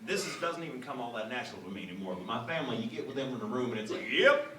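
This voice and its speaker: A Texas voice actor with a neutral American accent jokes with fans at a convention Q&A panel, speaking rapid-fire in an animated, medium-pitched voice. Playful and calling on fans, he's recorded by a handheld phone far off in the audience of a large, echoey hall with a noisy crowd.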